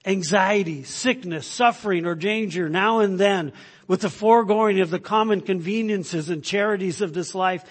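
Husky high-voiced preaching man. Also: normal speed. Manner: emphatic, rhetorical questions, swings between loud and hushed. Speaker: pastor. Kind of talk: sermon.

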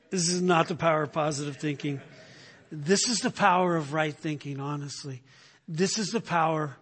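An older man preaching a sermon, telling animated stories and repeating phrases for emphasis. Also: on the high side, normal speed, husky. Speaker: pastor. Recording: long hall reverb.

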